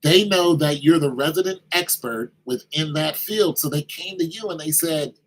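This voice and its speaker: A man's voice: fairly high pitch, moderate pace, rough recording. A man giving an informal sermon-style talk, conversational, acting out little exchanges with kids in raised voices.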